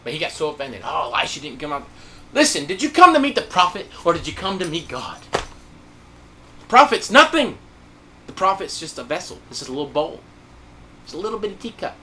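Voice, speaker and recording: A man preaching a sermon, telling a story with animated delivery and acted-out quotes. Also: high voice, fairly quick, long pauses, slight background noise.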